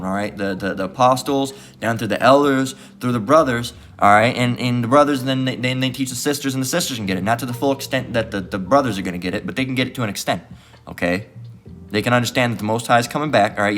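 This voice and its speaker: A man's voice: mid-range voice, fairly bright tone. A man preaching and reading scripture in a heated, profane way, tagging nearly every phrase with "all right" and mocking the voices of his opponents. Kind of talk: street-style religious teaching.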